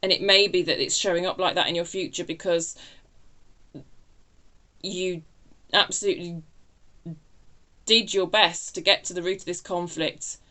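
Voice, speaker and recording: A woman's voice: fairly low pitch, a bit bright. Chatty, self-interrupting woman reading tarot. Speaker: tarot reader.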